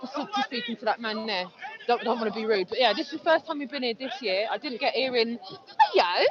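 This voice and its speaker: Woman gushing into her phone outside, high voice, loud crowd all round. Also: brisk, highs cut off. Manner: excitable, effusive, swears casually. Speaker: vlogger filming at a public speaking spot. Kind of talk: casual outdoor chat. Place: busy outdoor public park. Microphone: handheld phone camera.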